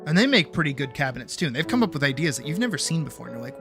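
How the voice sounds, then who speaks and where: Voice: mid-range voice, sing-song, rapid-fire, few pauses, music in the background. A streamer chatting with viewers in a rambling, profane way, breaking off mid-sentence and laughing often. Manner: rambling, profane, self-interrupting. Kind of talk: casual chat with viewers. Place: home streaming setup.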